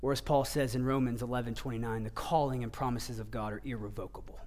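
A male pastor preaching a sermon, earnest, rising to emphatic passages and dropping to hushed low ones. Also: steady tone, fast.

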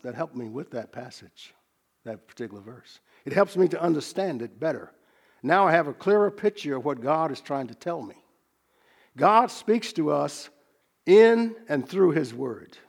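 A man preaching a sermon, teaching from scripture in a measured, earnest way and slowing down to stress key phrases. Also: mid-range voice, gravelly, darkish tone, breathy edge.

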